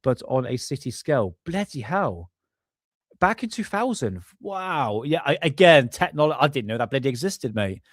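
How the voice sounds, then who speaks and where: A man's voice: mid-range voice, very animated, moderate pace, no echo, clean studio sound. Rambling man hosting a live stream. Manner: rambling, apologetic, swears casually. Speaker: livestream host. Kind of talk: casual live-stream chat.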